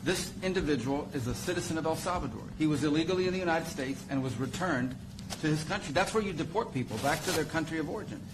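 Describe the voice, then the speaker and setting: A man's voice: fairly high pitch, quick pace, noisy background. A man, a government official, giving a firm and emphatic formal statement to the press.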